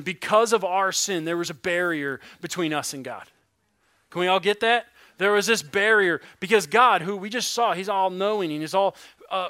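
A man preaching a sermon, earnest, reading scripture slowly and dropping to a hush on key words. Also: high-pitched, no echo, studio quality. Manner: reads scripture slowly and deliberately. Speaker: pastor.

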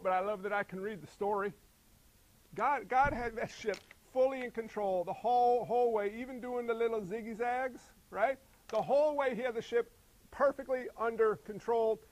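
A man preaching a sermon in a lively, conversational way, firing rhetorical questions and acting out quoted voices. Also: high-pitched, dry recording, low-quality recording. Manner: acts out quoted voices in character. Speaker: pastor.

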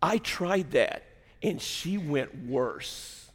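An older man preaching a sermon, telling a family story and rising to loud, shouted peaks. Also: a little high, lively intonation, extremely slow, husky, long reverb tail. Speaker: pastor.

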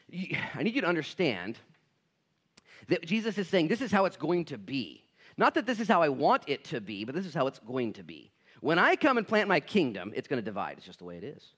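Man, pastor, church sermon, lively swooping pitch, casual slang, acts out dialogue. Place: church sanctuary.

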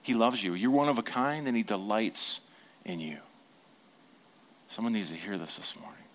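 A man preaching a sermon as a pastor. He asks the congregation questions, repeats them, and drops to a hushed tone for tender points. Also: on the low side, lively intonation, moderate pace.

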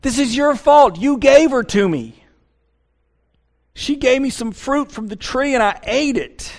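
A man's voice: very high voice, animated, unhurried, voice pushed up, full character voice. A man voicing the first man, Adam, as he indignantly blames God in an accusing, exasperated way.

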